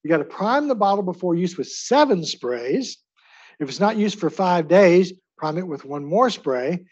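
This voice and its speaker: A man's voice: sits high, big pitch swings, normal speed, darkish tone, slightly rough, dull audio. A man lecturing on drugs to a live class in a chatty way, asking the audience to vote by raising their hands. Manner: chatty, asks the audience for hand votes. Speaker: pharmacy lecturer.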